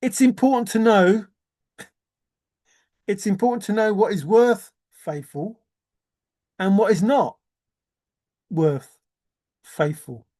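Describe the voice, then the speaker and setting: A man's voice: high voice, slow pace, long pauses, dark tone. A man rambling in a teasing, giggly solo monologue, often laughing and repeating words. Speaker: treasure-hunt video maker.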